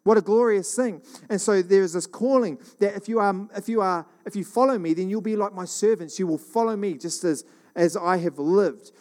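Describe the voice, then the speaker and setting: A man preaching a sermon in a conversational, animated way, with many restarts. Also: sits high, normal speed.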